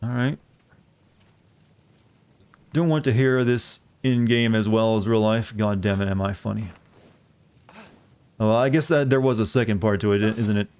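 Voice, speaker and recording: A man's voice: lowish voice, moderate pace, pauses often, a little mellow, clean tone. A man chatting casually while streaming a game, rambling and joking at his own expense, full of fillers and restarts. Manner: rambling, self-deprecating joker with many fillers and restarts. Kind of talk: casual live-stream chat while playing.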